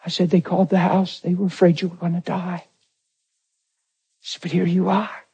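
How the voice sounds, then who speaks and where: A man preaching a personal testimony, acting out the dialogue, swinging from near shouts to hushed tones. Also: sits high, completely flat delivery, normal speed, breathy edge, muffled recording. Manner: acts out dialogue in his story. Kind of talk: testimony sermon.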